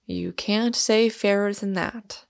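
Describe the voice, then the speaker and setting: Storybook role: a severe, roguish young man, read by a woman, slow and deliberate, with a gravelly edge. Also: medium pitch, fairly even intonation, no room sound, clean studio sound. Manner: severe, mocking authority. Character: stern, roguish young man holding a pistol.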